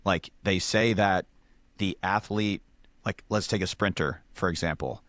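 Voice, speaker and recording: A man's voice: deep voice, a little slow, a bit bright, no room sound. A man casually explaining sports science step by step, with many fillers.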